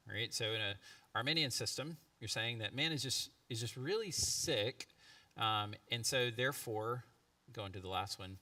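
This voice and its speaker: A man's voice: medium pitch, bright, forceful tone, no room sound. A man in his thirties preaching a sermon in a church, conversational, with fillers and asides to the congregation. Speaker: pastor. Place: church sanctuary. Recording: live church recording from a distance.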